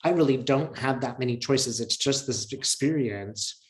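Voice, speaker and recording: A man's voice: medium pitch, normal speed. Guy on a video call telling an emotional story, earnest, lots of ums, echoey room. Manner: earnest, emotional, reflective, many fillers. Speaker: interview guest. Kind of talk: casual storytelling in an interview. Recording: roomy echo.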